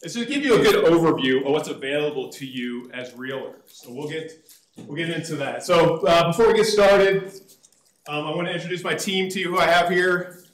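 A man's voice: on the high side, a little fast, roomy sound, rough recording. A man in his fifties, a retired serviceman turned financial advisor, giving a chatty, joking seminar talk to a live audience in a meeting room. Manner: chatty, joking, self-deprecating. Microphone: room mic or no mic.

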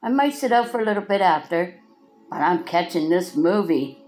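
A woman's voice: on the low side, expressive, normal speed, darkish tone, soft background music. A Canadian woman making a casual home vlog, cooing at a cat in sing-song baby talk. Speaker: vlogger.

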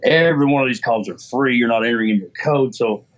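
A man talks in a rambling, emotional way, full of restarts, as an interview guest. His voice sits at a middle pitch, and the audio is slightly dull and lo-fi. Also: fast. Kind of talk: casual interview conversation.

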